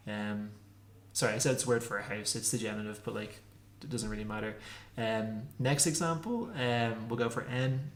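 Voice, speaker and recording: A man teaching a casual pronunciation lesson, repeating consonant sounds slowly to demonstrate them. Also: on the low side, fairly even intonation. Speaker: language teacher. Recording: echoey room.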